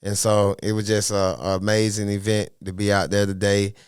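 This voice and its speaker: A man talking as a podcast guest in a casual interview, animated and full of streetwise slang. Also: on the low side, moderate pace, smooth, dry recording, studio quality. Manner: animated, streetwise slang, asks "you know what I mean". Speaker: podcast guest, golf caddie.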